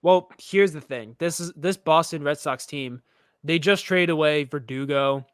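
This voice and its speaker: A man's voice: a little high, a little slow, clear, resonant tone, no echo, studio quality. A young man from the United States co-hosting a casual sports chat, opinionated and rambling, often restarting his sentences. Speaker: podcast co-host.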